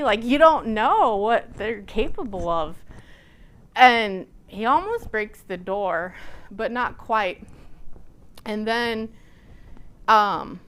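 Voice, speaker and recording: A woman from Nebraska giving a lecture by telling a personal story, animated and acting out the dialogue she recounts. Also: mid-range voice, slow pace, pauses often. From Nebraska, USA. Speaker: guest lecturer.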